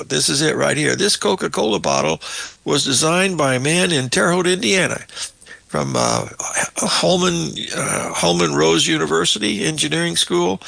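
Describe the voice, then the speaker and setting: Here the older market analyst speaks at a fairly high pitch, with vocal fry and a sharp tone, in a dry recording. Walking viewers through charts live, he rambles in a folksy way, keeps saying "folks," and his voice seems slightly choked.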